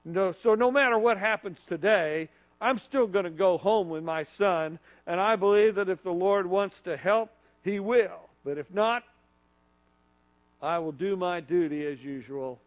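A man's voice: high-pitched, measured pace, phone-quality sound. A man in a sermon acting out a troubled middle-aged father of a sick boy, speaking plainly. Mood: resolute.

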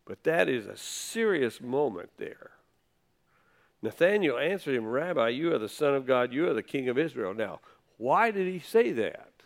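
A man's voice: mid-range voice, sing-song, moderate pace, gravelly. A man preaching a conversational sermon, reading scripture and retelling it in casual everyday words. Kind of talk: sermon teaching.

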